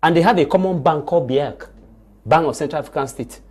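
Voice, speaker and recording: Fast-talking man debating. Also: on the high side, crowd noise. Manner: emphatic, repeats words and restarts when pressed. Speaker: panelist. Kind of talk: live TV panel debate.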